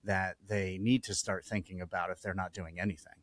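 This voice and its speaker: A man's voice: deep voice, level tone, fairly quick, a bit bright, a little hiss or hum. A man hosting a podcast interview over a remote call, talking casually, often restarting his sentences and letting them trail off. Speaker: podcast host.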